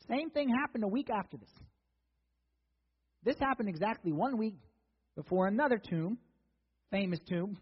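A man's voice: high-pitched, breathy edge. A man preaching a sermon in a casual, conversational way, acting out the people in the story as he goes. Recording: dull lo-fi sound with long hall reverb.

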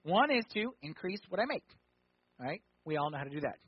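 Husky-voiced preacher with twang. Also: male voice, on the high side, very animated, a little fast, no echo, dull audio. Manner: conversational preaching, rhetorical questions, swings from loud emphasis to quiet. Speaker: pastor. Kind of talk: sermon.

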